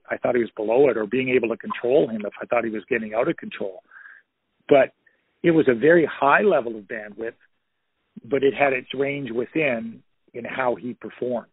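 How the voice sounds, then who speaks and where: Man in his fifties, former player, husky voice, rambling anecdotes, tinny phone line. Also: medium pitch, no echo. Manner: rambling, many "you know" fillers, anecdotal. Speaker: former pro hockey player, guest. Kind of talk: casual storytelling interview.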